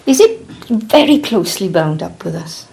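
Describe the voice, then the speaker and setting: A woman's voice: lowish voice, big pitch swings, normal speed, gravelly, darkish tone. A woman interviewing a small group, asking probing questions and often restarting them mid-sentence.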